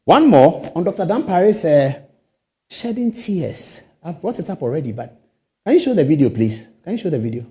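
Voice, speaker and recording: A man's voice: a little high, very animated, moderate pace, warm tone. A Ghanaian man hosting a talk show, giving indignant commentary full of rhetorical questions and repeated phrases. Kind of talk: studio commentary.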